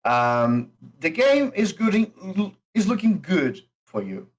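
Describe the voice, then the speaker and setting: A man's voice: high-pitched, very animated, rough recording. A man narrating as game master of a tabletop game, with lots of uh and um fillers. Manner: slow, unhurried narration with many fillers.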